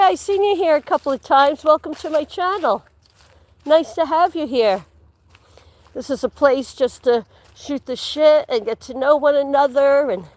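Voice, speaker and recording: Strolling outdoors through a forest, a woman livestreams in a high voice, talking casually and drifting between topics. Laughter comes often, she occasionally drops to a whisper, and the audio has no room sound.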